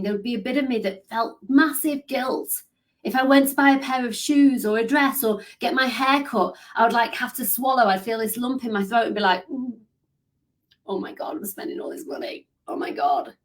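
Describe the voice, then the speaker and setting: A woman's voice: high voice, brisk. A woman leading a live coaching session, upbeat and encouraging, reading out comments. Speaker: business coach.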